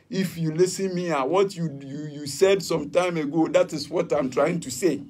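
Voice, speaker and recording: A man's voice: a little high, fairly even intonation, moderate pace, darkish tone, breathy edge. A Ghanaian man answering interview questions, defiant and emphatic, switching between English and Twi. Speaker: musician interviewee.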